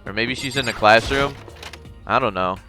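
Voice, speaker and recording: A man's voice: mid-range voice, moderate pace, music in the background. A young man playing through a game on video, reading its text aloud with jokey asides. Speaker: gamer. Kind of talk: let's play commentary and text reading.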